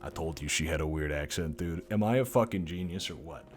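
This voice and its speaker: A man's voice: rumbling low, fairly quick, faint music behind. A man streaming a game, joking, swearing and laughing as he comments. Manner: joking, profane, laughs often. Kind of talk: casual live-stream commentary.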